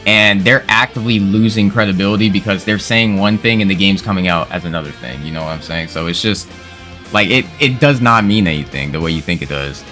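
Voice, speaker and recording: A man with a bright, forceful voice recounts a gaming grudge in relaxed slang, tossing in "bro" constantly. Soft guitar music plays faintly underneath. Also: sits low, brisk. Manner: slangy, laid-back, peppered with "bro". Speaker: gaming video creator. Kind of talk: casual storytelling commentary.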